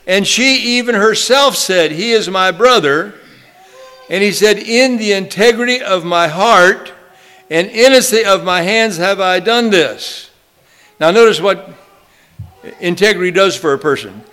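A man's voice: high-pitched, animated, bright, forceful tone. A man preaching a sermon, quoting scripture in old-fashioned phrasing and drawing out phrases for emphasis as he leads the congregation in repeating a line. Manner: drawn-out emphatic phrases, leads call-and-response.

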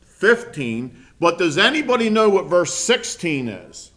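A man teaching a Bible lesson to a small group, earnest and halting, often restarting his sentences. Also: high voice, big pitch swings, fairly bright tone. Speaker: preacher.

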